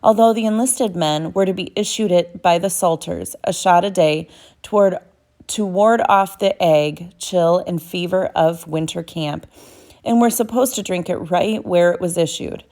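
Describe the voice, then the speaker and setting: Woman reading a novel out loud, steady, lowish voice, fixes her own slips. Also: moderate pace. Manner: steady, with small self-corrections. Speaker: audiobook narrator.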